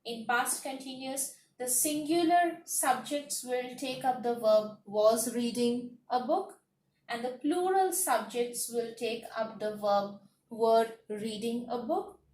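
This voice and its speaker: A woman teaching a grammar lesson, slowly listing words one by one and repeating her points. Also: a little high, darkish tone, far from the mic, slight background noise. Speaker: English teacher. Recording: echoey room, voice off-mic.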